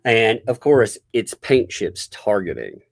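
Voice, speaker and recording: A man's voice: fairly low pitch, sing-song, takes it slowly, creaky, no echo, clean studio sound. A man hosting a live-stream commentary, sarcastic and laughing often as he chats while working on his screen. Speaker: host.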